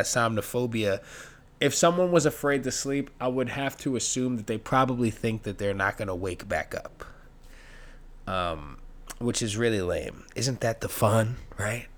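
A man's voice: lowish voice, a bit bright. Profane, sarcastic stand-up guy. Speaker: stand-up comedian. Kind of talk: comedic monologue.

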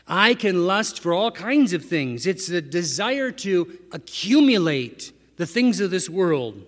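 Slow and sing-song, a man with a high, somewhat bright voice delivers a conversational sermon full of rhetorical questions for his audience. Hall reverb echoes around him.

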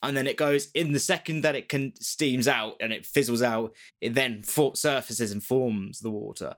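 A man's voice: mid-range voice, moderate pace, fairly bright tone. A man casually retelling a ghost story to a co-host, rambling and joking, often breaking off to laugh at his own tangents.

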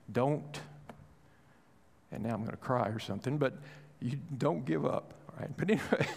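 A pastor in his fifties preaching a sermon, telling a family story in a loose, conversational way with many fillers, then rising into urgent encouragement. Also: mid-range voice. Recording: long hall reverb.

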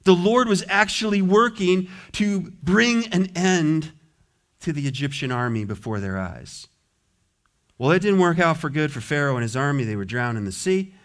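A man preaching a sermon in a church, lively and often acting out the voices of a grumbling crowd. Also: a little high, normal speed. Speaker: pastor. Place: church sanctuary.

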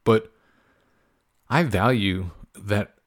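Deep-voiced man hosting a profane podcast. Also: very slow. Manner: profane, rambling and candid, with frequent fillers. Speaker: podcast host. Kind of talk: casual solo podcast monologue.

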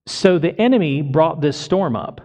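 A man's voice: on the high side, animated, moderate pace, darkish tone. A male pastor delivering a sermon to his congregation, emphatic and full of rhetorical questions. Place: church congregation.

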